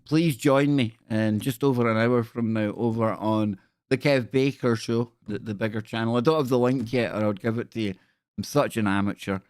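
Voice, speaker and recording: A man's voice: medium pitch, normal speed, darkish tone, smooth, no room sound, clean studio sound. A man hosting a live stream, chatting casually with viewers in a scornful, rambling way.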